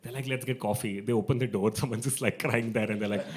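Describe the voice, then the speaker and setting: A man's voice: medium pitch, fairly even intonation, fast talker. A man hosting an open mic, telling a comic story to a live audience, chatty and self-mocking.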